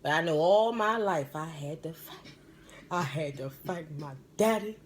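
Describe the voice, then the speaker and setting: A woman's voice: low-pitched, animated, a little slow, slight background noise. A woman hosting a live stream as a spiritual medium, telling stories and giving advice in a rambling, emphatic, slangy way.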